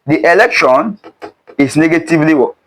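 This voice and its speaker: A man's voice: fairly high pitch, lively intonation, moderate pace, slight background noise, low-quality recording. A young man teaching a chemistry exam prep lesson. He keeps prompting with "what?" before each answer, in a call-and-response way. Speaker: chemistry tutor.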